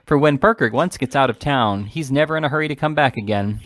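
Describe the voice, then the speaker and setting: A sly young clerk at a law office, brisk and a little pettish, brushing off a caller in an offhand way, as a man reading a storybook puts him on. His voice sits at an ordinary middle pitch. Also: fairly bright tone, no echo, natural voice.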